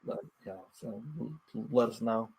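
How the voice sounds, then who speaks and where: Excitable young man rambling casually. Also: on the low side, normal speed, slightly rough. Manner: excitable, rambling, lots of fillers and laughter. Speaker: podcast co-host. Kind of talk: casual chat.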